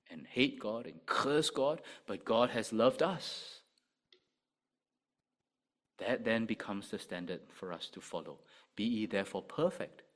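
Animated male preacher with lively pitch. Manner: animated, rhetorical questions, rises and drops sharply in volume. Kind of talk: sermon.

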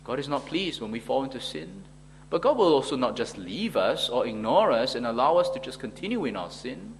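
A man's voice: mid-range voice, very animated, brisk, slight background noise. A man preaching a sermon, earnest and rhetorical, asking the congregation questions and now and then stumbling on fillers.

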